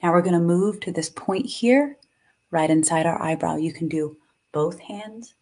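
Woman, live tapping guide, soothing, coaxing, husky, lowish pitch. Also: measured pace, mellow. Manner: soothing, coaxing, emotional at times.

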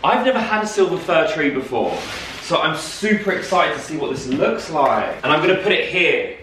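A young man filming a casual vlog in his flat, gushing and excitable as he talks to viewers. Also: fairly high pitch, moderate pace, recorded from a distance, slight background noise. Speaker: vlogger. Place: flat, indoors. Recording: echoey room.

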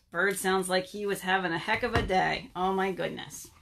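A woman, a children's librarian, reading a story aloud at home for a virtual storytime, expressive and talking directly to the kids. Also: fairly low pitch, normal speed, vocal fry, hardly any pauses, a little hiss or hum.

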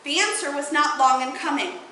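A woman telling a fairy tale aloud to a live audience at a bardic gathering, in an expressive, lilting way. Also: high voice, fairly quick, slight background noise. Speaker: storyteller. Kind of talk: oral storytelling at a bardic gathering. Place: indoor event hall, live audience. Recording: very echoey hall.

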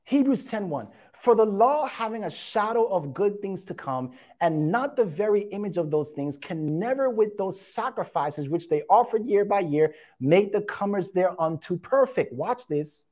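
A woman's voice: mid-range voice, expressive, moderate pace, hardly any pauses, mellow. A woman preaching a sermon, reading scripture aloud and explaining it, with frequent emphatic asides. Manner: emphatic, repeats "watch this".

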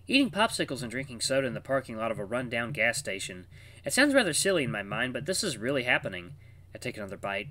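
A man reads a story game aloud for his viewers. His pitch is lively and moves a lot, and he drops casual asides between the lines. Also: quick pace. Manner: casual asides while reading. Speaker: game streamer. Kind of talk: reading a visual novel aloud.

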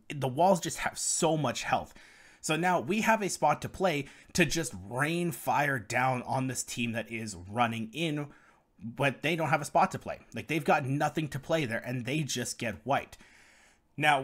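Man explaining game strategy. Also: medium pitch. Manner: explanatory, talks viewers through strategy. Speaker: gaming guide creator. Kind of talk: gameplay commentary guide.

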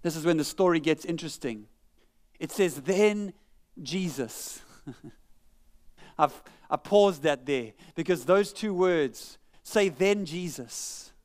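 Earnest, higher-voiced male pastor preaching. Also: a little mellow. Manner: reads scripture slowly with dramatic pauses; earnest and conversational between readings. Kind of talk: sermon. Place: church.

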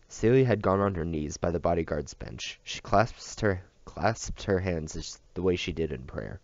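A man reading a novel aloud at a steady pace, with small slips and restarts, on a dull, dry recording. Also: low voice, normal speed, few pauses, no room sound. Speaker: audiobook reader.

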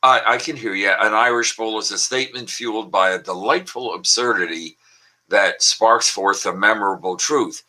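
Older man with a bright, forceful voice. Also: on the low side, moderate pace, poor audio. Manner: chatty, with frequent filler words and pun-laden asides. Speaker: language columnist and guest. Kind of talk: casual online wordplay talk.

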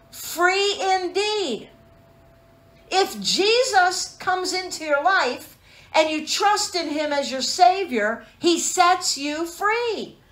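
A woman's voice: very high voice, a bit bright, reverberant. A woman preaching a sermon with emphatic rhetorical questions, calling her listeners for an amen.

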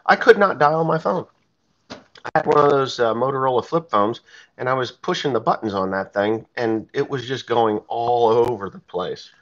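Blunt, profane farmer telling a story. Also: male voice, mid-range voice, normal speed, a bit bright, lo-fi sound. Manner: blunt and profane, plain-spoken. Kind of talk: casual spoken storytelling.

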